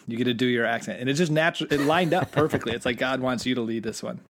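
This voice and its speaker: A man's voice: mid-range voice, quick pace, fairly bright tone. A man co-hosting a casual podcast, musing enthusiastically and thinking aloud. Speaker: podcast co-host. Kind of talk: casual book-discussion podcast.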